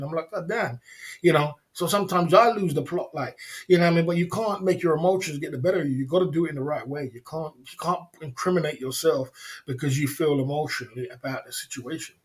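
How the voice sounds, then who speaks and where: A man's voice: on the high side, fast. A man hosting a casual livestream, rambling and repeating himself in streetwise slang while answering viewers. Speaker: livestream host. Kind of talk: casual livestream chat reading viewer comments.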